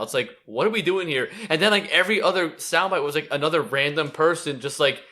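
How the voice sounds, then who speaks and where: A man with a bright, edged voice talks sports on a casual podcast. He mocks players with plenty of swearing and acts out their lines in quoted voices. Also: on the high side, lively intonation, quick pace, few pauses. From Philadelphia area. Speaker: podcast co-host.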